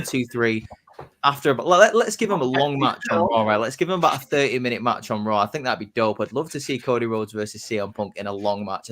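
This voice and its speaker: A man on a casual podcast, telling his predicted wrestling storyline like excited play-by-play. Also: medium pitch, noisy background. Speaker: podcast host.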